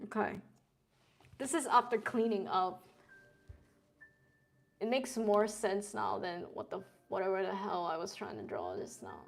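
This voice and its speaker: This is a streamer drawing live: a young woman who chats loosely and meanders, tossing in Gen Z slang and offhand curses. She speaks at a measured pace in a creaky, medium-pitched voice with lively intonation, pausing often.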